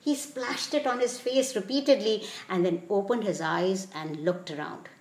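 A woman hosting a podcast, reading a whimsical story aloud in a playful, expressive storybook narration. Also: mid-range voice, moderate pace. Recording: echoey room.

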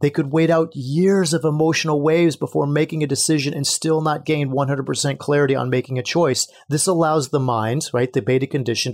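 A man's voice: medium pitch, a little mellow. A man hosting a solo podcast, talking earnestly and a bit preachily straight to his listeners. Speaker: podcast host. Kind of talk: solo podcast teaching talk.

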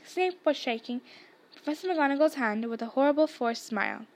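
A woman with a high, light voice reads a storybook aloud. She narrates steadily and shifts her voice a little when characters speak. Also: animated, normal speed, darkish tone.

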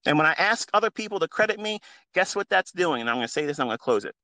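Man, fairly high voice, earnest, preachy, swears, unscripted monologue, phone mic, dry close sound. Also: big pitch swings, very fast, dry recording. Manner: earnest, preachy and profane, swings from quiet to loud. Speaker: trading mentor hosting a live audio space.

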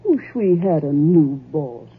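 A husky, spiteful rural wife. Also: female voice, sits low, lively intonation, takes it slowly, full character voice. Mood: sly. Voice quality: folksy ungrammatical drawl. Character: spiteful coarse rural woman, gleeful and scornful. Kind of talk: 1940s radio acting. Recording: tinny old radio broadcast, loud music.

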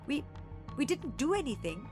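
A woman voicing a nervous, jumpy young girl who squeaks when she is anxious. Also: very animated, normal speed, music in the background.

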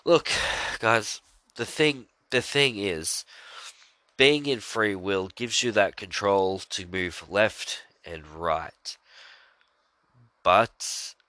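A man's voice: low voice, bright, forceful tone, dry recording. A man hosting a podcast, talking earnestly and rambling about his faith, with frequent fillers and sighs. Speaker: podcast host. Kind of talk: casual religious monologue.

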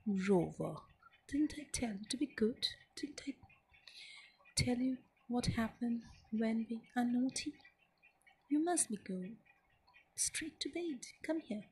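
A woman's voice: fairly high pitch, expressive, moderate pace, gravelly, darkish tone, slightly rough, heavily acted. Woman doing a stern little boy in whispered role-play. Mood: cross scolding. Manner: stern, scolding. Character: small boy scolding his pets.

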